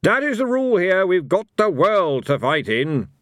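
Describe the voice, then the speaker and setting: A man voicing an imperious god who gives loud, drawn-out commands. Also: high-pitched, big pitch swings, no echo, clean studio sound, voice pushed up. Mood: commanding.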